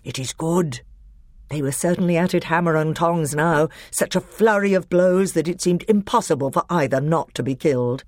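A woman reading a storybook aloud as narrator, with expressive storytelling. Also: deep voice, fairly quick, few pauses, dry recording, studio quality. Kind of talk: audiobook narration.

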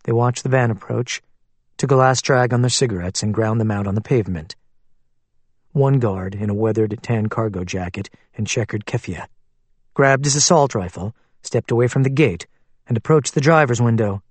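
A man narrating a thriller audiobook in a steady, even storytelling manner. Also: mid-range voice, moderate pace, husky, dry recording.

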